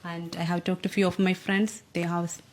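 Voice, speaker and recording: Interviewed mother, lowish flat voice, halting. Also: slight background noise. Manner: hesitant, soft, halting. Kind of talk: news interview.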